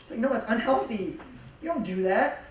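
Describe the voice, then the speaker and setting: A man's voice: very high voice, expressive, moderate pace, slight background noise. A young man, a youth pastor, giving a casual, joking and emphatic sermon to teenagers in a church hall. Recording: echoey hall from far off.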